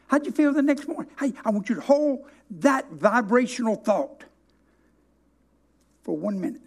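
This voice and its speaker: A man preaching a sermon, telling a story with emphatic, drawn-out stresses. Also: extremely high pitch, lively intonation, slightly rough.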